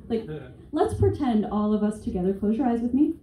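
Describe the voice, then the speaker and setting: A woman in her twenties performs a stand-up set on a comedy stage. She talks in a sarcastic, profane, chatty way, and her voice is mellow and a little high. The mic sits far off in a roomy space, with faint noise behind her. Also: animated, fast. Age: 20s. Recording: echoey room, distant mic, faint noise.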